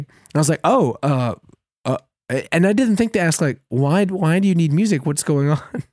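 A man co-hosting a podcast, telling a long story in a casual, animated way, laughing at himself often. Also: a little high, moderate pace, no room sound, clean studio sound. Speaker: podcast co-host.

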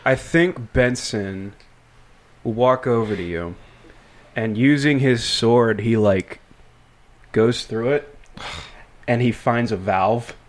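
A man's voice: mid-range voice, slow pace, pauses often. A man playing a tabletop game, describing his character's actions and speaking for him in a grave tone. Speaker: player voicing his character. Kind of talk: tabletop role-play.

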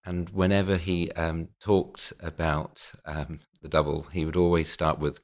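Male guest, deep and gravelly, halting, wry. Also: flat delivery. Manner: hesitant, halting with many ums, dry self-mocking. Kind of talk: podcast conversation.

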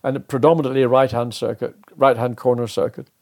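Older male guest, animated storyteller, plays out the quotes. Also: mid-range voice, brisk. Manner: animated, acts out quoted dialogue. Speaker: interview guest, former racing driver. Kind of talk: anecdotal storytelling.

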